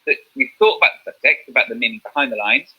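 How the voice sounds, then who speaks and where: A man's voice: medium pitch, sing-song, quick pace, breathy edge, highs cut off. A man teaching a drama revision lesson, explaining step by step and checking in with "okay?".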